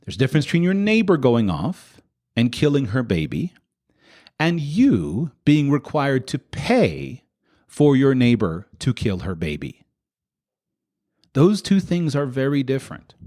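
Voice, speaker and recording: A man hosting a podcast, talking in an impassioned monologue full of repeated rhetorical questions. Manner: rhetorical, repeated questions with sharp pitch jumps. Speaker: podcast host.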